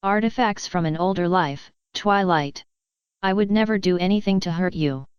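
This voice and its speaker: A woman's voice: on the low side, moderate pace, clean tone, no room sound, muffled recording, natural voice. A woman voicing an ancient pony princess, a former warrior turned mentor, who speaks in a formal, commanding way. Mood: soothing.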